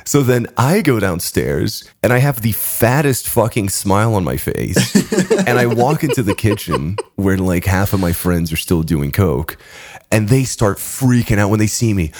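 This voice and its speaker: A man's voice: lowish voice, expressive, moderate pace, darkish tone. A man hosting a podcast, telling a rambling, profane story in casual chat and often breaking into laughter. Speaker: podcast host.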